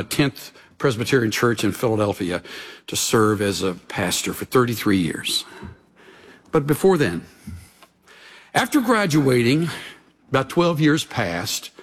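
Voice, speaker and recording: A man preaching a sermon as a pastor, in a measured, earnest delivery that sinks into hushed, intense passages. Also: medium pitch.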